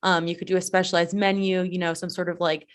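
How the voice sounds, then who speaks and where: A woman's voice: on the low side, little pitch movement, fast. A woman co-hosting a business podcast, giving tips in a loose, rambling way with many fillers. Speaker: podcast co-host. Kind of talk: casual chat.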